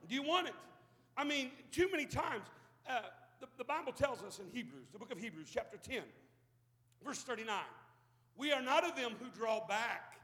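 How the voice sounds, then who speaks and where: A man preaching an impassioned sermon as pastor, acting out the people in the story and building to shouts. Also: extremely high pitch, animated, normal speed, big-room sound. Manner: impassioned, plays out bible characters, rising to shouts.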